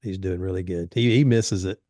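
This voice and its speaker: Middle-aged male podcast guest: low, warm, chuckling storyteller, dry close sound. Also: normal speed, no room sound. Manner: chuckling, rambling anecdotes. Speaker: podcast guest, fire service training advisor. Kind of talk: casual storytelling chat.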